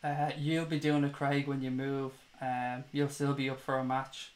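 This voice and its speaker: A man's voice: medium pitch, little pitch movement, moderate pace. A man from Dublin with an Irish accent, hosting a live fan chat stream, talking straight to viewers, opinionated and swearing freely. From Ireland (Dublin). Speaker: fan channel host.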